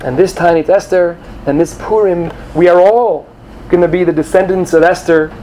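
A man giving an animated sermon to young students, acting out quoted voices and sprinkling in Hebrew terms. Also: high-pitched, normal speed, a little hiss or hum, poor audio. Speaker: rabbi or teacher addressing students.

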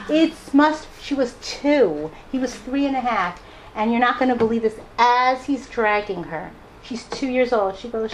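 A woman's voice: fairly high pitch, slight background noise, low-quality recording. A mother telling personal stories to a live audience, laughing often and acting out the people she quotes. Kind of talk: personal storytelling talk.

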